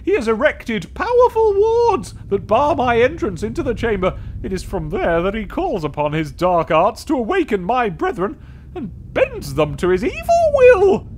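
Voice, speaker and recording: A man voicing an angry male guardian spirit who guards a tomb, making booming, drawn-out proclamations. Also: huge pitch swings, slight background noise, full character voice. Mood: solemn.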